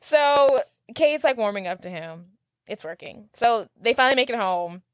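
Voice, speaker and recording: A woman co-hosting a podcast who narrates a movie's plot at a steady pace and chimes in with short agreements. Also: on the high side, normal speed, clear, resonant tone, dry recording. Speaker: podcast co-host. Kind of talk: casual movie recap chat.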